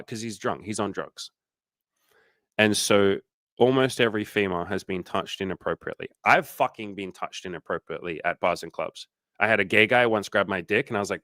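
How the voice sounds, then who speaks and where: A man's voice: on the low side, brisk, fairly bright tone, no room sound. A man talking as a dating coach in a casual livestream chat. He swears freely, speaks candidly, and acts out the people he quotes in exaggerated voices.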